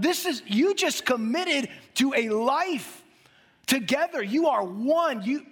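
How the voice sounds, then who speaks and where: A man preaching a sermon, his voice sitting unusually high for a man. He is animated, slips into little acted-out exchanges and laughs often along the way. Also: slightly rough. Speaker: pastor.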